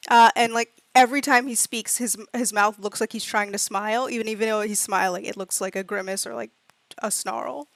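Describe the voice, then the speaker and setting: A woman's voice: a little high, steady tone, fairly quick, gravelly, dry recording. A woman player describes her character in a rambling, playful way, full of likes and ums. Her voice sits mid-range and is close and dry on the mic. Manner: rambling, filler-heavy, playful.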